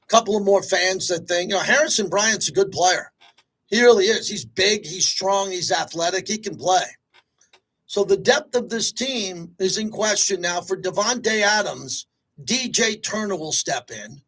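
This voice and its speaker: A man hosting a sports talk radio show, talking in an energetic, rapid-fire, conversational way. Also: high-pitched, slightly rough.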